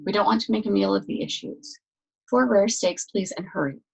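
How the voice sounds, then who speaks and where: A woman's voice: mid-range voice, a little fast, vocal fry, husky, poor audio. A woman reading a brash, greedy alien man who talks bluntly and impatiently.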